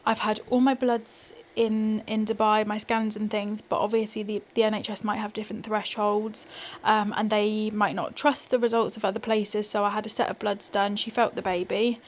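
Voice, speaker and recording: Her voice is mid-range and flat, her pace moderate. She's a young, pregnant British vlogger chatting casually to a small handheld gimbal camera, adding self-deprecating asides, both at home indoors and out walking.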